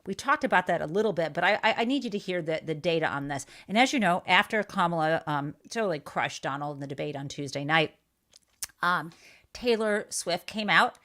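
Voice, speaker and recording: Woman host, lowish voice, blunt and fiery, casual live podcast talk. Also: animated, fairly quick, fairly bright tone. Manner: outraged, blunt, swears freely. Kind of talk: casual political livestream commentary.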